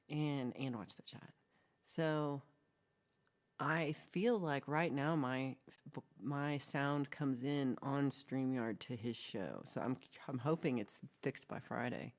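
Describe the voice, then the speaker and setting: A woman with a very deep voice co-hosts a livestream, chatting casually. She reads out comments in a rambling, giggly way, adding playful asides.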